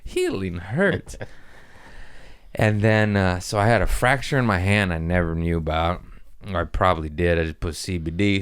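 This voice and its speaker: A young adult man hosting a podcast, telling a story in casual chat, animated and profane, acting out voices and yelps. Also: low-pitched, normal speed, smooth. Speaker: podcast host.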